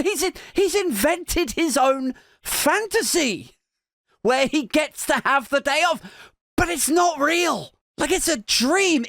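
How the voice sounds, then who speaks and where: Lively rambling man. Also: very high-pitched, no echo, clean studio sound. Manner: rambling, self-mocking, full of "like". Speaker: podcast host. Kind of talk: comic monologue.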